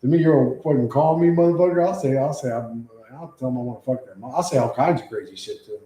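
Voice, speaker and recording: A man's voice: mid-range voice, fast, warm tone. A man chatting on a casual livestream, rambling and swearing freely as he reacts to chat. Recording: echoey room.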